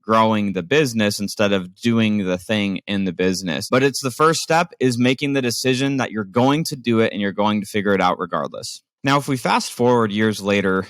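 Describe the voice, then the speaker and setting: A man's voice: lowish voice, fairly bright tone, no echo. A man, a business owner, explaining delegation in a conversational, emphatic way with many fillers. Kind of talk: casual instructional talk.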